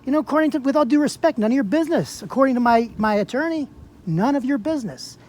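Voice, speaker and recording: A man's voice: very high-pitched, lively intonation, quick pace, a little mellow. A man in a heated argument on a public sidewalk outdoors, confronting an officer with repeated rhetorical questions.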